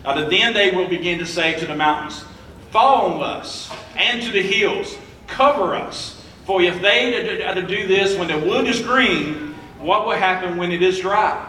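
A young male preacher reading scripture aloud in a sermon, halting often with filler sounds. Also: high-pitched, sharp tone, slight background noise. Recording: echoey room, mic at a distance.

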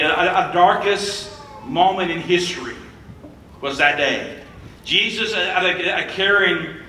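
A young male preacher delivers a sermon, reading the text in a halting way and filling pauses with sounds. His voice sits high and bright. The recording is roomy and echoey, with the mic some distance away. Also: slight background noise. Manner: halting, many filler sounds while reading.

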